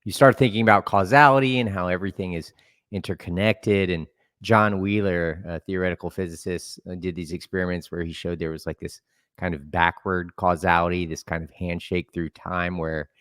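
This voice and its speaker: A man with a very low voice talks as a podcast guest, working through his ideas thoughtfully and often restarting as he goes. His voice is picked up close and dry, with no room around it. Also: steady tone, fairly bright tone, smooth, no echo. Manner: thoughtful, searching, halting with restarts. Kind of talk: casual conversation.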